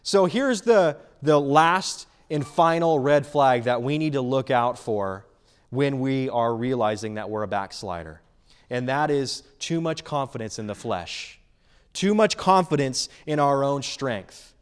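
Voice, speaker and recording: A male preacher delivering a sermon, animated and emphatic, repeating key phrases for weight. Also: medium pitch, measured pace, smooth.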